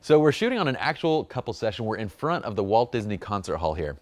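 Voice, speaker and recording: A man's voice: lowish voice, big pitch swings, quick pace. A man teaching a photography workshop, upbeat and jokey, full of enthusiasm. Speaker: photography instructor. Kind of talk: workshop lesson.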